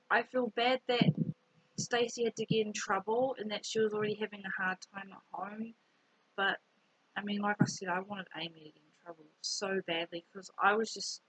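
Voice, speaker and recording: Breathy young woman telling a story. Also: mid-range voice, moderate pace, low-quality recording. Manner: rambling, animated storytelling with fillers. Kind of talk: casual storytime vlog.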